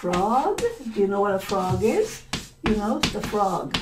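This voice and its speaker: A woman language teacher telling a story to learners, slowly repeating and explaining words with many hesitant fillers. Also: mid-range voice, animated, noisy background.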